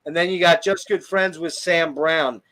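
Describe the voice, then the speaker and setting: A man speaks at a moderate pace in a slightly high, somewhat bright voice. As the host of a relaxed album review podcast, he swears openly and enthuses over the tracks.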